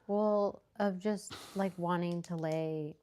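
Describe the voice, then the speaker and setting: A woman in a casual argument with her partner, answering in a hesitant, halting way. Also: lowish voice, fairly even intonation, mellow, slight background noise. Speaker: partner in a debate.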